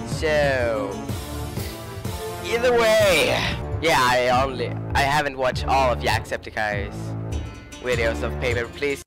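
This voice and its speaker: A young man with a sore throat, rambling through a joking let's play commentary. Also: medium pitch. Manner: rambling, joking asides, self-interrupting. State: sore throat, a bit sick. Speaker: gaming channel host. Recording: game music playing behind.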